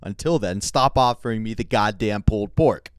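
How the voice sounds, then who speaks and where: A man's voice: on the low side, normal speed, clean tone, no echo, studio quality. A man bantering with crude mock insults in casual podcast chat. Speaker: podcast co-host, comedian.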